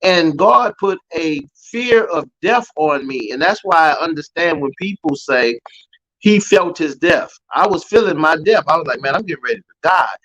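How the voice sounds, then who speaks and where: Man, New Orleans accent, somewhat high pitch, emotional testimony, animated retelling, says "man" and "you know" often. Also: unhurried, rough recording. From Louisiana. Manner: storytelling, acting out quoted voices, frequent "man" and "you know". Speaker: guest.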